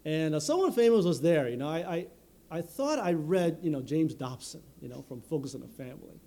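A man preaching a sermon in an earnest, measured way, often filling pauses with "you know". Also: on the high side, animated, dark tone.

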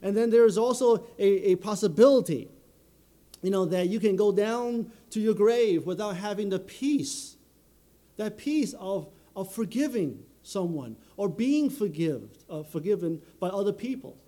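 A man delivers a sermon in an earnest, measured way. His voice sits high for a man yet sounds mellow and warm. He often leans on "you know" while working through his points. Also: expressive. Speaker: preacher.

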